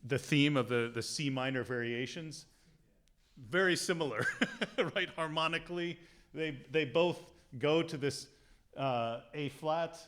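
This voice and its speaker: A man's voice: a little high, measured pace, fairly bright tone. A man giving an informal piano lecture, talking casually with many fillers and humming musical phrases aloud.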